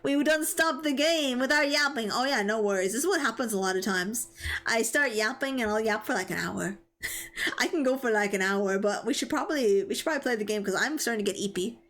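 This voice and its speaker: A woman's voice: on the high side, brisk, a bit bright. A young woman streaming live, chatting casually and giggling as she reads chat and stumbles over tricky words.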